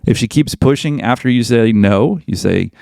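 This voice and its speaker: A man's voice: mid-range voice, animated, moderate pace, gravelly, a little mellow, dry recording, clean studio sound. A man hosting a podcast, giving blunt advice in an emphatic monologue and repeating his points for weight. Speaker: podcast host.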